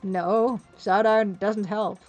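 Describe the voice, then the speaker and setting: A woman's voice: mid-range voice, steady tone, takes it slowly, a little mellow, faint music behind. A woman voicing a greedy, cackling male caravan leader who boasts in broken English, as she reads a computer game aloud. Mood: taunting.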